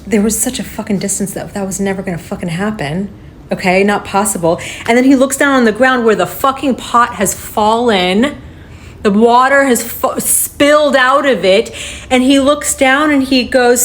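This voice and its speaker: A woman's voice: a little high, moderate pace, slight background noise. A woman giving a casual, heated recap of a video, swearing often and acting out what people said.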